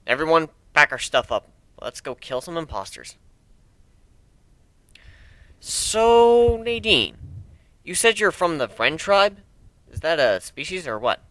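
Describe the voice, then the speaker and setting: A man's voice: on the high side, big pitch swings, slow, long pauses, sharp tone, dry recording. A man reading a story aloud in the first person, brash and crude with a casual swagger. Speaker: amateur reader.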